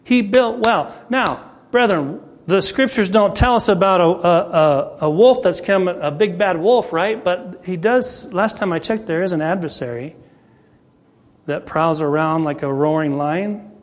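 A male preacher speaks to his congregation in a folksy, storytelling way. His voice sits high for a man and echoes with a long reverb through a church hall. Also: unhurried. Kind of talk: sermon.

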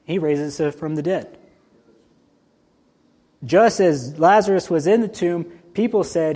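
A male pastor giving a conversational, animated sermon, swinging between loud and soft. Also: on the high side, unhurried, long pauses. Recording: long hall reverb.

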